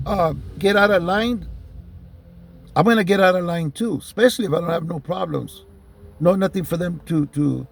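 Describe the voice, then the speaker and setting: Raspy-edged, high-pitched LA guy, swearing his way through a vlog story. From Southern California. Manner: heated, profane, rambling with many fillers. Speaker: vlogger telling personal stories. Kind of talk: casual storytelling monologue.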